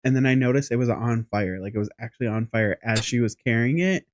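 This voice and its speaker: A man co-hosts a casual podcast and spins a rambling story with animated energy and the odd curse word. His voice sits at an ordinary middle pitch. The sound is dry and close, with no room echo. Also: a little fast. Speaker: podcast co-host.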